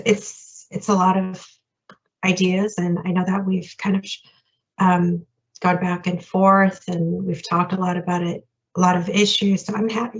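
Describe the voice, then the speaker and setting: A woman's voice: mid-range voice, dull audio. A woman representing the department in a virtual meeting who sounds accommodating and a little hesitant. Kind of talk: meeting discussion. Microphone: video call.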